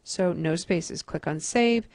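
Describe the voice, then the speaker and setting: A woman teacher calmly talking through a computer task step by step in a screen-recorded tutorial. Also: lowish voice, takes it slowly, no room sound. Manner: methodical, step-by-step instruction.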